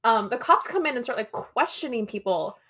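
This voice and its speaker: A woman's voice: on the high side, expressive, brisk, sharp tone. A young woman co-hosting a podcast, chatting casually about a movie and acting out characters' lines. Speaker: podcast co-host. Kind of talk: casual chat recapping a movie.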